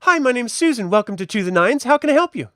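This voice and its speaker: Brief: a man playing a sweet, timid young shopgirl, pitched up high. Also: very animated, quick pace, no room sound, studio quality. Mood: welcoming. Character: cheerful young woman shop assistant, shy.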